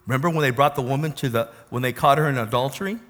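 A man preaching a sermon, animated, reading scripture and then dropping to a soft, intimate tone. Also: medium pitch, rapid-fire. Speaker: pastor.

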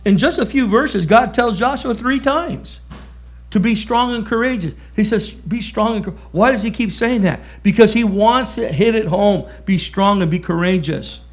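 A man's voice: sits high, normal speed, lo-fi sound. A man preaching a sermon as pastor, emphatic, repeating key phrases and calling out to the congregation.

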